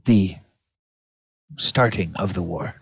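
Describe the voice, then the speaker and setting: A man's voice: low-pitched, slow, gravelly, breathy edge, no room sound, lo-fi sound, heavily acted. Man playing a grave, solemn general. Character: grave older male general bearing heavy news.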